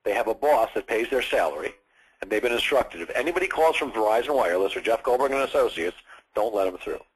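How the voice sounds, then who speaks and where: Husky-voiced man teaching sales tactics. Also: on the low side, fast talker, rough recording. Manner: energetic, acts out phone calls in firm and friendly tones. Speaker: sales trainer. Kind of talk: live sales training seminar.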